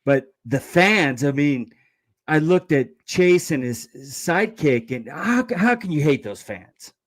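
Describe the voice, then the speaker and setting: A man's voice: fairly high pitch, expressive, unhurried. A man from the Bay Area calling into a sports show, talking in a hesitant way that restarts and repeats words. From San Francisco Bay Area, US. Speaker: caller. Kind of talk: casual call-in chat.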